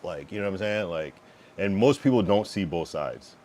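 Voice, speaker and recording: A man with a very deep, low voice talks loosely to his stream chat. He rambles with plenty of fillers and curses bluntly, and he breaks off to fiddle with his streaming setup. A faint hiss sits under the recording. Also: moderate pace, darkish tone. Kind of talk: casual livestream chat.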